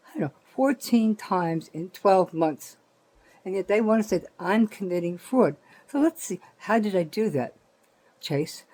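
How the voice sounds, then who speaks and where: Older husky-voiced New woman. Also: on the low side, dark tone, low-quality recording. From New Jersey, USA. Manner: rambling, profane and indignant, with many restarts. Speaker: vlogger. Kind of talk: rambling complaint vlog.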